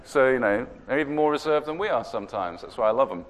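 Male preacher, sermon storytelling, earnest, stretches out key words, mid-pitched voice. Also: animated, fast.

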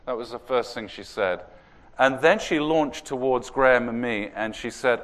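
A man preaching a sermon, telling a story in an earnest way and slowing down to stress key words. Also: mid-range voice, a bit bright.

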